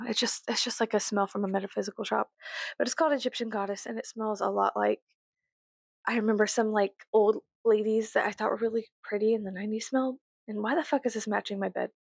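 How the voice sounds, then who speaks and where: A woman's voice: gravelly, no room sound. Profane rambling Southern woman vlogger. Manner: rambling, profane, laughing, sudden loud high outbursts. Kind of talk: casual chat to camera. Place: bedroom.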